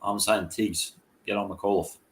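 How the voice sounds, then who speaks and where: A man co-hosting a live stream who answers in short, laid-back bursts. His voice is fairly low. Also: steady tone, a little slow, a bit bright. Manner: brief, laid-back replies. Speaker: co-host. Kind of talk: casual live stream chat.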